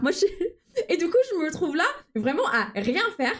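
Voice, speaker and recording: High-voiced young woman streamer. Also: big pitch swings, a little fast, fairly bright tone. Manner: rambling, laughs often. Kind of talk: casual chat while gaming.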